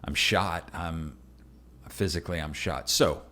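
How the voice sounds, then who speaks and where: Man, very low voice, pastor on a podcast, earnest storyteller, emphatic. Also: measured pace, pushed and bright, slight background noise. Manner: acts out other people with jumps to high squeaky voices.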